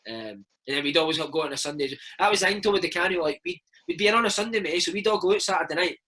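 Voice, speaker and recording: A Scottish man in his thirties, a former footballer telling stories in a casual interview, animated and peppering his talk with "mate". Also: fairly high pitch, racing, rough recording. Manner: animated, chatty, keeps saying mate. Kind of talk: casual storytelling chat.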